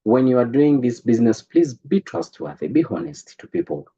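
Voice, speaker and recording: A man coaching a group on business, in an animated, preachy way that stumbles and repeats words, heard over an online call. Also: mid-range voice, normal speed, slightly rough, highs cut off. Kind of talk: motivational talk to a group.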